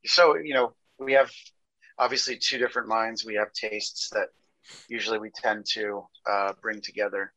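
A man's voice: on the low side, fairly even intonation, normal speed, pushed and bright, no room sound, poor audio. A man, a film director, chatting loosely as a guest on a podcast, joking and restarting his sentences. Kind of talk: casual interview chat.

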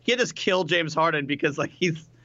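A man guesting on a casual chat, joking quickly and laughing often. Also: fairly high pitch, lively intonation, bright, forceful tone, no room sound, lo-fi sound. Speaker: guest, web series co-creator.

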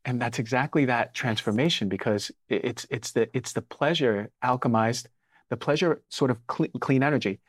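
A man's voice: mid-range voice, moderate pace, dry recording. A man hosting a podcast, affirming his guest, often repeating words and acting out quotes as he tells stories. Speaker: podcast host, doctor. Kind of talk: podcast conversation.

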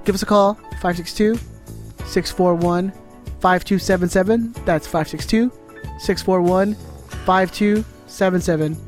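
A man's voice: sits high, fairly even intonation, measured pace, faint music behind. A man co-hosting a podcast, trading jokes in laid-back, casual banter. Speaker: podcast co-host. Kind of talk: casual chat.

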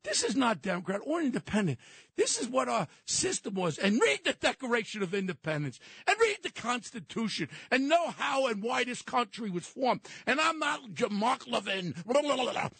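A man calling in by phone as a regular guest on a talk radio show, ranting with passion and often shouting. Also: extremely high pitch, very animated, normal speed, gravelly, breathy edge, dry recording. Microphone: telephone.

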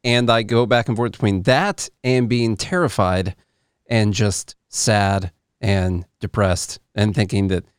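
A man's voice: fairly low pitch, slow, clean tone, no echo, clean studio sound. A man hosting a podcast, candid and self-deprecating, laughing easily in casual conversation.

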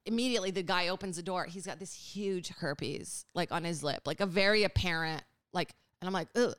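A woman telling a story in casual podcast chat, fast and full of "like" fillers, laughing often. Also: on the low side, fairly bright tone, dry recording. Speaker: podcast guest.

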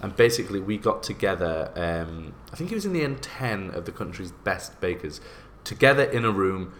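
A young man co-hosting a podcast, chatting casually and laughing often in quick bursts. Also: low-pitched, very animated, a little hiss or hum. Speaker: podcast co-host and guest editor.

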